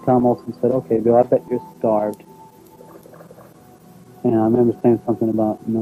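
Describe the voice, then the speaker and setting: A man's voice: medium pitch, little pitch movement, a little fast, narrow, tinny audio, soft background music. A middle-aged man telling a personal story in a rambling, folksy way, acting out what others said to him. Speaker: abduction witness.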